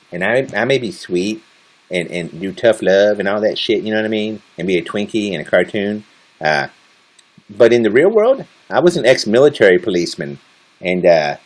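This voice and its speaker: A man chatting casually with viewers on a livestream, teasing and joking crudely as he reads their comments. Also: lowish voice. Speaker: live streamer.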